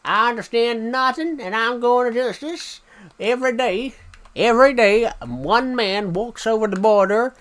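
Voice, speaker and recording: A British man streaming, putting on a loud, exaggerated Texan accent as a boastful Texan man. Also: very high voice, unhurried, pitched above the performer's own voice. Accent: put-on Texan. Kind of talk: comic accent impression on a stream.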